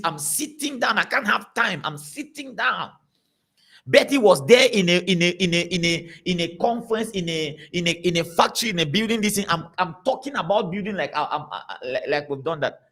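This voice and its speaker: A man preaching to a congregation, telling stories in an animated, repetitive way. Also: on the high side. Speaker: pastor.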